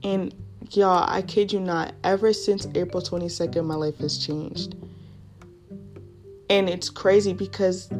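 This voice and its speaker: A young woman telling her personal faith story on a podcast in casual, excitable speech full of fillers. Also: mid-range voice. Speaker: podcast host.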